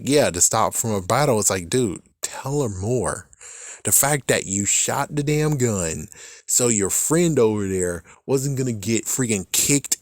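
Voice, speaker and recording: A man giving a casual, profanity-laced recap of a TV series, animated and breaking into laughter now and then. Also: lowish voice, no room sound, studio quality. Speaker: show recap vlogger. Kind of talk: casual reaction rant.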